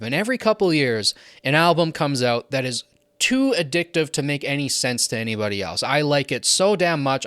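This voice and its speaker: A man's voice: medium pitch, fairly bright tone, dry recording. Enthusiastic male music reviewer, dry sound. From not English. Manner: enthusiastic, conversational with frequent fillers. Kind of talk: album ranking commentary.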